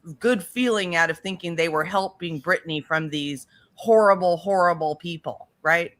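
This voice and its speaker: A woman's voice: lowish voice, normal speed, noisy background. A woman co-hosting a casual commentary chat, emphatic, repeating phrases and swearing. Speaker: co-host.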